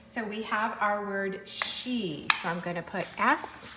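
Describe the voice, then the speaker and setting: A woman teacher giving a recorded sight-word lesson to young children, spelling words slowly and clearly in a playful sing-song way. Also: mid-range voice, background noise.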